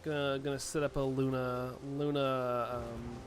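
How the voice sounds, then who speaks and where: A sniffly man from the United States, live streaming from his home setup. He keeps up a loose, chatty running talk, reading out viewer messages and answering them one by one at a mid-range pitch. Soft music plays quietly behind him. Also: level tone, measured pace. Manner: chatty, reads viewer chat aloud and answers it. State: sniffly from allergies. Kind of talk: casual live-stream chat.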